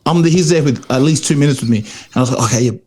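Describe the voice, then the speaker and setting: A man's voice: medium pitch, very fast, a little mellow. Man, rugby podcast co-host, casual rambling storyteller with lots of fillers. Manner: storytelling, many fillers and restarts, acts out quotes. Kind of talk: casual chat.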